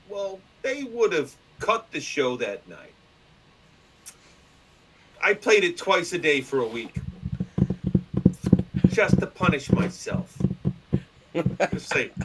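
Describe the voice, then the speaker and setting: A man telling stories as a guest in a casual interview, loud, profane and animated, slipping into other people's voices. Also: on the high side, a little hiss or hum, rough recording. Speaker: podcast guest and publisher.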